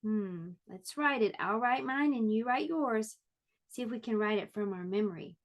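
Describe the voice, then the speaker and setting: A woman teaching an online pre-K lesson, speaking gently and encouragingly and sounding words out clearly for young children. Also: a little high, lively intonation, normal speed.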